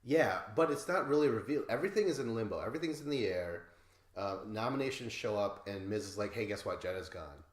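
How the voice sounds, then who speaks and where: A man co-hosting a podcast, casually recapping a reality show in a lively way and imitating the cast members. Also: mid-range voice, quick pace, echoey room. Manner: animated, mimics cast members with laughs. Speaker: podcast co-host.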